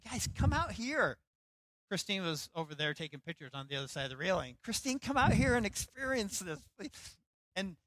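A middle-aged man pastor preaching a sermon, telling a personal story with lively acted-out quotes. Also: fairly high pitch, no echo, rough recording. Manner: storytelling, animated, acts out quotes.

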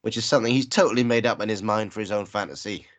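A man with a fairly low-pitched voice trades casual remarks about a film. His comments are dry and wry. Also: rapid-fire. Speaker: film podcast co-host. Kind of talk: casual film review chat.

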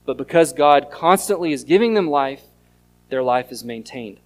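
A pastor, preaching an earnest sermon that mixes scripture reading and storytelling. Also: male voice, medium pitch, animated, moderate pace. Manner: earnest teaching tone, reads scripture aloud and tells stories.

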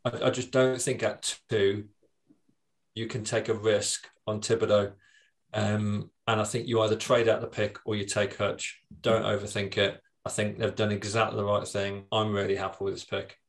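Man, measured podcast co-host, low flat voice, brief. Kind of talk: casual sports discussion.

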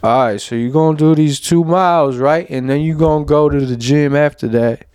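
A man's voice: fairly high pitch, normal speed, darkish tone, clean tone, no room sound, clean studio sound, close to an everyday voice. A guy doing his bossy inner voice, slangy and naggy, keeps saying bro and right, checks in like a coach. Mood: bossy, coaxing. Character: pushy streetwise male inner voice, bossy coach.

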